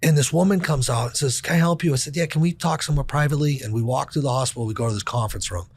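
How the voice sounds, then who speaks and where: Man, 30s, husky voice, candid storyteller, casual swearing, acts out the dialogue. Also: medium pitch, racing. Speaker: podcast guest.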